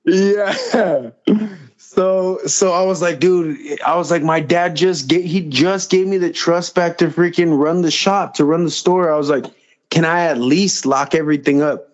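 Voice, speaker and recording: A man's voice: fairly high pitch, steady tone, moderate pace. A man as a podcast guest, telling a personal story in a rambling way, repeating phrases and acting out the dialogue. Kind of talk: casual storytelling. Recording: slightly dull lo-fi audio.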